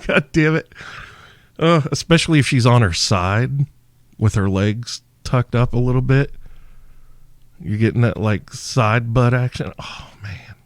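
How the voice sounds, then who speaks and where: A man's voice: medium pitch, a little slow, dry recording, clean studio sound. A man hosting a podcast, answering listener questions in a crude, brash, joking monologue. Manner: profane, brash, mock-seductive. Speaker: podcast host.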